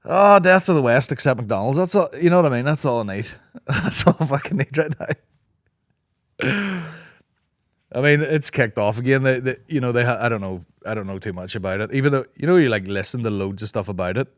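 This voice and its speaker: A Northern Irish man in his thirties holds forth alone on his podcast, swearing freely and rambling from joke to joke while he acts out bits of other people's talk. His throat is sore, his pitch sits mid-range, and the close mic sounds very dry, with no room to it. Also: animated, fairly quick, no echo. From Northern Ireland. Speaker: podcast host. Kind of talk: solo comedic podcast rant.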